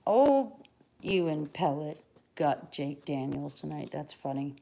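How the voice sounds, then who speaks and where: A middle-aged American woman hosting a craft livestream in a chatty, rambling way, dropping to soft mutters and then bursting out loud. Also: deep voice, expressive, slow, creaky. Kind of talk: casual live-stream chat.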